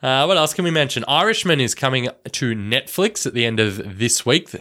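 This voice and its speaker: A man co-hosting a movie podcast in casual chat. His pitch moves around a lot, and he teases his partner and laughs easily. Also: expressive, moderate pace, sharp tone. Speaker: podcast co-host.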